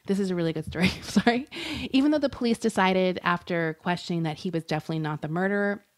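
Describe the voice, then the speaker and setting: Speaking fast in a fairly low voice, a woman co-hosting a podcast recounts a true-crime story. She's casual and chatty, using many fillers and laughing often.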